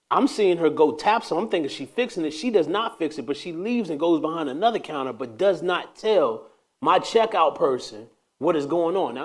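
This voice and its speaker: A man hosting a casual faith talk, telling a story with animated energy that slides into preaching. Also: on the high side. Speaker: host.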